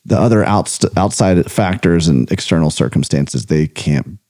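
A man's voice: deep voice, animated, moderate pace, a little mellow, no echo, studio quality. A man hosting a podcast interview, asking reflective questions and affirming his guest. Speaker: podcast host. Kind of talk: interview conversation.

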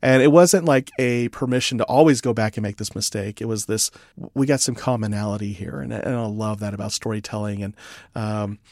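A man hosting a podcast interview, chatting in a lively way and acting out quoted lines in his stories. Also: lowish voice, a little fast, no room sound, studio quality. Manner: animated storyteller, acts out quoted voices. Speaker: podcast host. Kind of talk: interview conversation.

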